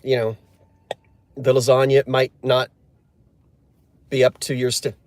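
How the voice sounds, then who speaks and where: A man's voice: mid-range voice, animated, measured pace, long pauses, darkish tone, no room sound. A man chatting casually on a live stream, joking and answering viewer comments. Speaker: livestream host.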